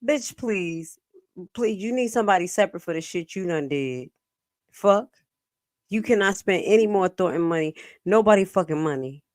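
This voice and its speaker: A woman's voice: fairly low pitch, lively intonation, a little fast, a little mellow, no echo, clean studio sound. A woman hosting a live stream, commenting on meeting clips in a sassy, profane, emphatic way.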